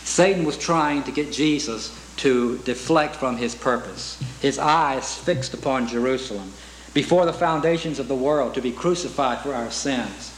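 A man's voice: medium pitch, moderate pace, a little hiss or hum. Earnest preacher man, echoey room. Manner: earnest, rhetorical questions, reciting hymn lyrics. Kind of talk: sermon.

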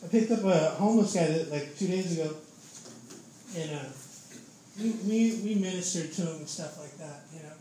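Fervent high-voiced young preacher man. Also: normal speed, mellow. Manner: fervent, peppers speech with "man" and "dude". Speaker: lay preacher giving testimony. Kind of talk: casual preaching testimony. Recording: very echoey room with faint noise.

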